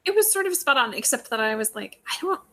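Woman co-host with a slightly husky voice, hesitant, thoughtful and casual. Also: fairly high pitch, big pitch swings, fast talker, fairly bright tone. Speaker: podcast co-host. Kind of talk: casual recap chat.

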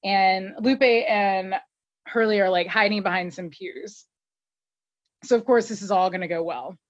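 A woman's voice: mid-range voice, a little slow, no echo. A woman hosting a podcast, casually recapping an episode in a chatty, filler-heavy way, laughing often. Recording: dull lo-fi recording, dry.

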